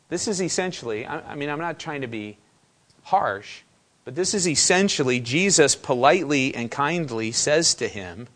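A man's voice: fairly high pitch, expressive, normal speed, fairly bright tone. A pastor preaching a sermon, asking his congregation questions and putting scripture into everyday language. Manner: conversational preaching with paraphrased asides.

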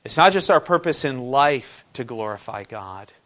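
A man with a mid-range, slightly bright, expressive voice preaches at a normal speed. He poses questions to his congregation and paraphrases scripture in everyday language, preaching conversationally with asides.

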